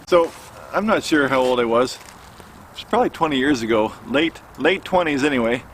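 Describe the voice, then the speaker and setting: Man telling a story with many halting pauses. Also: medium pitch, expressive, a little hiss or hum. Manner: halting, many fillers and restarts. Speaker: outdoor cooking vlogger. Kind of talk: casual storytelling to camera. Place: outdoors by a campfire.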